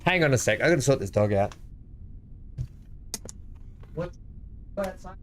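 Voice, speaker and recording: Aussie guy chatting through a game at home, excitable, laughs a lot, mid voice. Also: mid-range voice, moderate pace, a little hiss or hum. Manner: excitable, chuckling, playful. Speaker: gaming streamer. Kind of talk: casual multiplayer gameplay chat. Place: home room.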